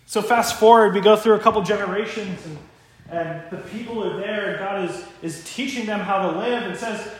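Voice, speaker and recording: A young male pastor giving a sermon, telling stories with animated voices for God and a parent. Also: sits high, normal speed. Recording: very echoey church room.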